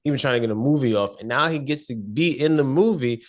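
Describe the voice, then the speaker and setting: Mid-pitched male co-host, laid-back and slangy in casual movie talk. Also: fast, very noisy. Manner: relaxed, slangy, asks "you know what I'm saying". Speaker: podcast co-host.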